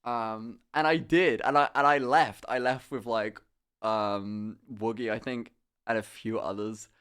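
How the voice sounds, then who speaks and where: A young man streaming live, chatting casually with viewers and telling an animated, swear-laden story with frequent laughter. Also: lowish voice, a little slow, clear, resonant tone.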